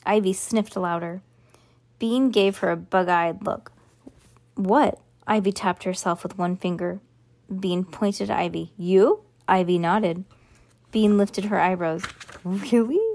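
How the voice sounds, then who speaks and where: A woman's voice: on the low side, fairly even intonation, a little slow, gravelly, a little mellow. A woman reading a children's book aloud, who sometimes slips on a word and fixes it as she goes. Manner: slips and corrects words as she reads. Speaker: reader.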